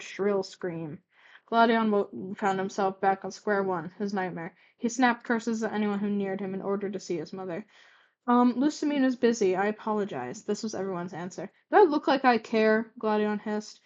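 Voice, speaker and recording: A woman's voice: medium pitch, muffled recording. Stumbling young woman reading old fanfic. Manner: stuttering, stumbling, with fillers and self-corrections. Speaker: reader of her own old fanfic. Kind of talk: casual read-aloud with comments.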